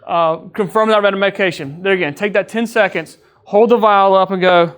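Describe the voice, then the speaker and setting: A fairly high-voiced man leads a casual training lecture for his crew, joking with them and often dropping a quick "right?" to make sure they're following. He comes across as a training officer chatting with colleagues rather than reading from a script, and his voice is a bit bright and smooth.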